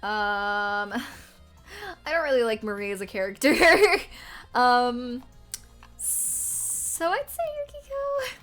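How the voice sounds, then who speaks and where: A young woman streaming a game, chatting casually and rambling with fillers and self-corrections, often breaking into loud excited outcries. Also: fairly high pitch, slow, pauses often, soft background music.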